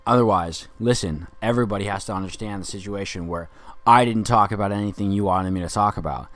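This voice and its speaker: A man's voice: on the low side, quick pace, a bit bright, close to an everyday voice. A man playing an angry, rambling Dick Grayson in a profane comedic podcast monologue. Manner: rambling, profane, indignant ranting.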